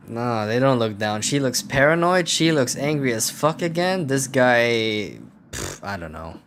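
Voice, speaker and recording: A man's voice: mid-range voice, big pitch swings, unhurried, a bit bright, slight background noise. A man playing a video game, casually commenting and reading the game's text aloud, swearing often in a dry, sardonic way. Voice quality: profane, sardonic. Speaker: gameplay streamer.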